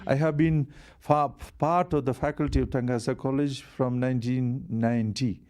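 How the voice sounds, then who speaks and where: A man's voice: medium pitch, fairly even intonation, normal speed, darkish tone. A man, a priest who teaches theology, answering interview questions in a modest, good-humored way.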